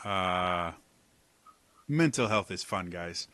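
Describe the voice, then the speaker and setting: A man's voice: low-pitched, lively intonation, slow pace, bright, forceful tone, no echo. A man narrating a tabletop game as game master, rambling with lots of fillers.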